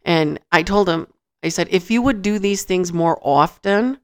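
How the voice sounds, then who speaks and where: A woman's voice: on the low side, unhurried. A woman on a podcast telling a funny story in casual chat, acting out quotes, laughing often and swearing. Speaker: podcast co-host.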